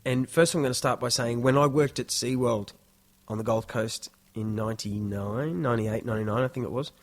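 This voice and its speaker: A man's voice: medium pitch, fairly quick. A man in his thirties with an Australian accent, chatting alone in a casual podcast monologue with rambling, self-deprecating storytelling. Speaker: podcast host.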